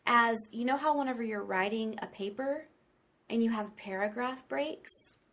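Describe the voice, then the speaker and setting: A woman's voice: fairly high pitch, normal speed, fairly bright tone. Easygoing woman explaining. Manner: explains with many examples and light laughter. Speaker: English pronunciation teacher. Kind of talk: casual teaching chat.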